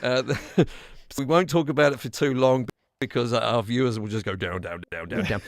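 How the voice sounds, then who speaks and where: A man's voice: mid-range voice, normal speed, vocal fry, no echo, clean studio sound. A man hosting a casual live-stream chat, rambling and joking, swearing freely, talking over a video call. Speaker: host.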